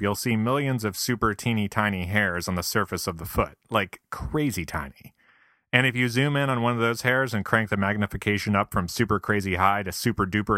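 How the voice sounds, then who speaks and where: Wry man with a bright, dry voice. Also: fairly low pitch, no room sound. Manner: wry, self-deprecating, mock-earnest asides. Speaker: comic essayist. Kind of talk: scripted comedic narration.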